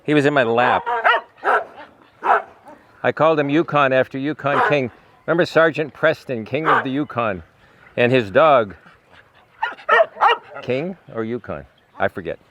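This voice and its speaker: A man's voice: mid-range voice, a little slow, pauses often, muffled recording. An older man who rescues animals, talking affectionately and coaxingly to dogs as he hands out treats. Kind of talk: casual talk to rescued dogs. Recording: noisy outdoor recording.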